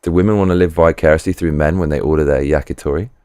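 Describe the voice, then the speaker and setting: A man's voice: extremely low pitch, steady tone, fast talker, dark tone, clean tone, no echo, studio quality. A man hosting a live chat stream, rambling and swearing freely with lots of restarts. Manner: rambling and profane, with many restarts. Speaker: livestream host.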